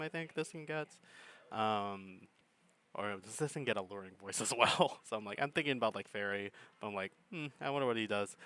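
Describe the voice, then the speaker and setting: A man's voice: lowish voice, bright, forceful tone, a little hiss or hum. A man giving laid-back, chuckling commentary on a game battle, thinking his plays through aloud. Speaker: gaming commentator.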